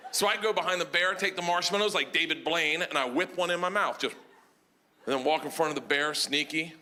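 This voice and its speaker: A middle-aged man telling a stand-up story on a comedy stage, loud and excitable, shouting punchlines and acting out characters. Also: on the high side, fairly quick. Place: comedy stage before a laughing audience. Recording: live show with clear audience noise.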